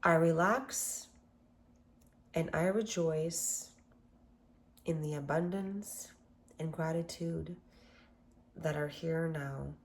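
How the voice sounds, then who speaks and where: A calm woman with a slightly low voice leads a guided meditation, speaking gentle affirmations. A faint hiss sits under her voice. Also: takes it slowly, long pauses. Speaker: self-love workshop host.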